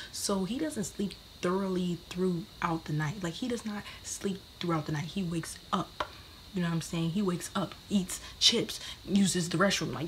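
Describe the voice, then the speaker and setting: A woman's voice: on the low side, slight background noise. A young woman giving brash, profane advice in a casual vlog, often dropping into whispers. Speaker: vlogger.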